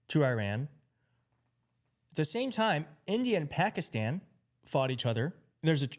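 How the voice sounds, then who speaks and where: A man hosting a casual live stream, reacting sarcastically to chat messages and news clips. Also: a little high. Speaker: livestream host.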